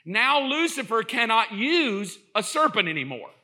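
High, bright-voiced animated preacher. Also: male voice, measured pace. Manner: animated, joking storyteller who acts out quotes. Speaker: pastor. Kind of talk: sermon.

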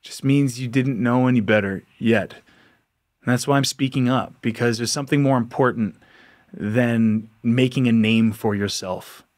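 A man's voice: mid-range voice, a little slow. A man hosting a podcast, delivering an impassioned monologue full of rhetorical questions and frequent laughs. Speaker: podcast host.

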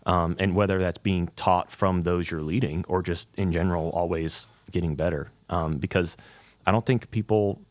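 Earnest young man with a very low voice. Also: steady tone, moderate pace, darkish tone, no room sound. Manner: earnest, rambling with many fillers and restarts. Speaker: guest, worship leader. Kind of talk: casual interview chat.

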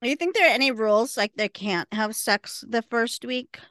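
A woman's voice: on the high side, moderate pace, a bit bright. A woman co-hosting a podcast, giving snarky, casual running commentary while watching a show. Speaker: podcast co-host. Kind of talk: casual chat over a TV show.

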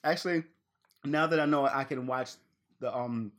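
A man's voice: mid-range voice, normal speed, fairly bright tone. A man co-hosting a casual podcast, rambling through a wrestling recap, laughing often and trailing off mid-sentence. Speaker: podcast co-host.

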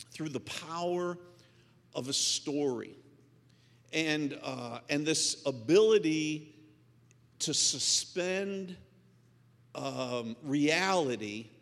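A male pastor delivers a sermon in a conversational manner, quizzing his listeners and acting out little scenes. His voice sits a touch high and rings bright and sharp. A long reverb trails off through the large hall. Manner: conversational, quizzes the audience, acts out stories.

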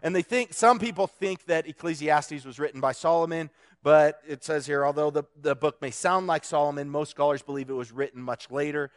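A man with a fairly high voice preaches in a loose, conversational way. He jokes with his young listeners and often restarts his sentences as he talks through his point. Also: a little fast. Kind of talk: casual sermon.

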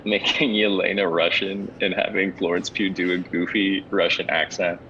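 A man's voice: flat delivery, normal speed, sharp tone. A man co-hosting a casual podcast chat, rambling with restarts and fillers, recorded away from his usual setup. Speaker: podcast co-host. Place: at home away, no studio setup. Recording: dull lo-fi sound with faint rumble.

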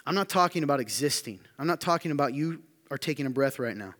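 A pastor preaches a sermon to his congregation in a church hall with a long reverb, talking fast and animatedly. He is emphatic, often putting rhetorical questions to the room and building up to a loud, high-pitched intensity.

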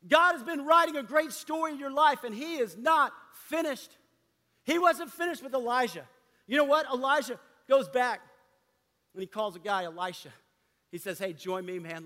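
A man preaching a sermon to a gathering of men, impassioned, dropping to a hush and rising again. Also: very high-pitched. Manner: impassioned preaching, swinging between loud and hushed. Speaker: pastor. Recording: long hall reverb.

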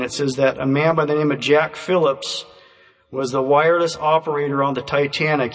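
A man preaching a sermon, telling illustrations in a measured, emphatic way that slows down to stress key phrases. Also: a little high. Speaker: pastor. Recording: distant voice in a reverberant hall.

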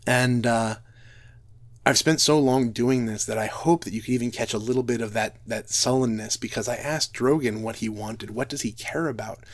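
A man's voice: mid-range voice, brisk, hardly any pauses. A man speaking earnestly and reflectively in a talk, often restarting his sentences. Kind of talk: earnest talk on role-play and Bible reading.

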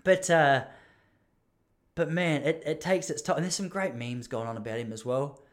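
A man's voice: a little high, normal speed. An Australian man in his thirties rambling and joking through a casual monologue, laughing often. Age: 30s.

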